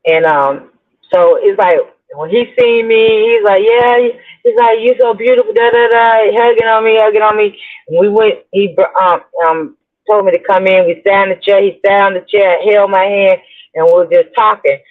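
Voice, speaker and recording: A woman's voice: medium pitch, moderate pace. A middle-aged woman hosting her own show, telling a personal story in a rambling, chatty way and talking straight to her listeners. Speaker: blogger host. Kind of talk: casual storytelling to viewers. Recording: tinny phone-like audio.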